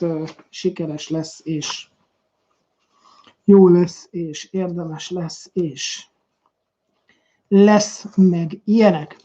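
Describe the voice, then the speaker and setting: A man with a Hungarian accent, a business coach, rehearses his introduction to camera, trailing off and starting again with plenty of fillers. His voice is warm and mellow. The recording sounds dull and muffled. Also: high voice. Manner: halting, restarts with many fillers.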